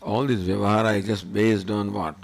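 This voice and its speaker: A man's voice: on the low side, brisk, gravelly. An older man giving a spiritual lecture on scripture, questioning his listeners again and again. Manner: questioning, rhetorical, animated. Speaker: swami teaching scripture.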